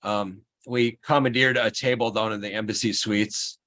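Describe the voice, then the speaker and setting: A man hosting a livestream in casual chat, telling an animated, rambling story. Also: lowish voice, normal speed. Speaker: livestream host.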